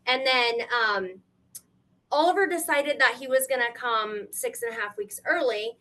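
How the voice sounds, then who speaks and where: Animated high-voiced grandmother telling her story. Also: unhurried. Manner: animated, tearful at times, quotes people in shifting voices. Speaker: guest. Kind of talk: emotional storytelling on a live stream.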